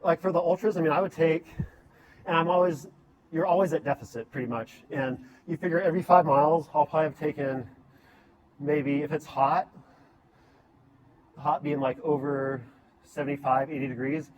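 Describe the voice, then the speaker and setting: A man's voice: on the high side, fairly even intonation, normal speed, pauses often, poor audio. A man chatting casually on a podcast, telling long running stories with many fillers and restarts. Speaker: podcast guest, ultrarunner.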